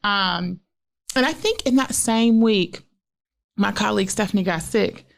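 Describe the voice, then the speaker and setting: A woman's voice: medium pitch, unhurried, vocal fry. A woman, a midwife, chatting casually as a podcast guest and often laughing as she tells stories. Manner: lively, laughs through stories.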